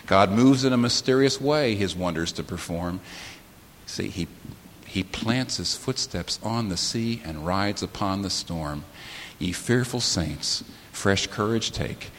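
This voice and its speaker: The pastor's sermon rings through a big, reverberant church sanctuary, a faint hiss beneath it. His impassioned delivery moves from slow, low, heavy phrases and weighty pauses into sudden high, loud outbursts.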